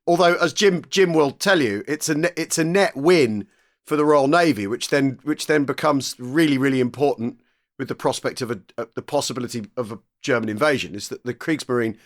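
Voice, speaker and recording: A man's voice: mid-range voice, fairly quick. A man co-hosting a casual podcast, explaining points at length and steering the conversation. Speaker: podcast co-host.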